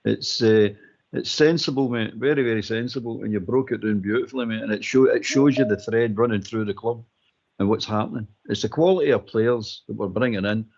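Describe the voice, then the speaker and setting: A man's voice: fairly low pitch, fairly quick, vocal fry, a little mellow. A Scottish man calling in to a radio phone-in, giving his opinion emphatically and repeating his points. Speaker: caller. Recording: muffled phone-in line.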